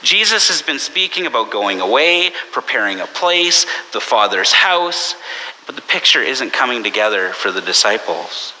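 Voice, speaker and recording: A man preaching a sermon as pastor, conversational and anecdotal, slipping into animated voices for the people he quotes. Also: mid-range voice, normal speed. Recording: long church reverb with faint hiss.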